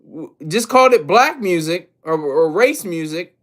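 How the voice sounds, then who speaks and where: A man's voice: high voice, expressive, a little slow. A man streaming live, commenting on music and answering his chat in a loose, rambling way, often repeating and correcting himself.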